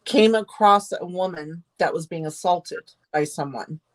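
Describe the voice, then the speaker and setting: A woman co-hosting a podcast in casual chat, telling a story earnestly and speaking with affection. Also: sits low. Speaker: podcast co-host.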